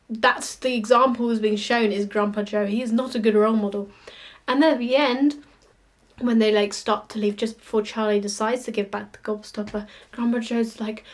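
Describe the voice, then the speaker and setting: A woman ranting in a casual vlog, animated, sweary and mocking. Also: fairly high pitch, moderate pace. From United Kingdom. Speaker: vlogger. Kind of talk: casual ranting monologue to camera.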